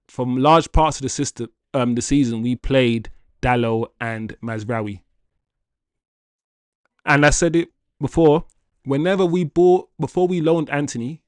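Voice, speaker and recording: A man's voice: mid-range voice, no echo, clean studio sound. A man hosting a football livestream, chatting casually, reading viewer comments, and laughing often. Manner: animated and chatty, laughs often, addresses chat as guys. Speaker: football channel livestream host.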